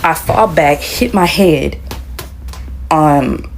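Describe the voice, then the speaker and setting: A woman with a low voice tells a story in a relaxed storytime style. Her voice has a gravelly, fried edge, and she retells events with animation, acting out the lines of the people in it. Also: extremely slow, heavy background noise. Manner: animated retelling that acts out quoted dialogue. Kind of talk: casual storytime.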